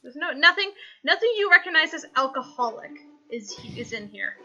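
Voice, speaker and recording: A woman running a tabletop game as game master, narrating with chaotic energy and quick asides. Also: high-pitched, sing-song, bright, forceful tone, dull audio, faint music behind.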